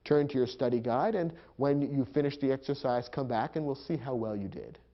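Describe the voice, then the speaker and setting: A man teaching a grammar lesson, explaining punctuation clearly and patiently. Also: medium pitch, fairly quick, highs cut off.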